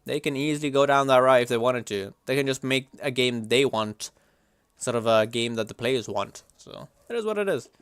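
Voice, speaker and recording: A young man livestreaming, chatting casually and reacting to chat in a slangy, animated way. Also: medium pitch, a little fast, smooth, no room sound, clean studio sound.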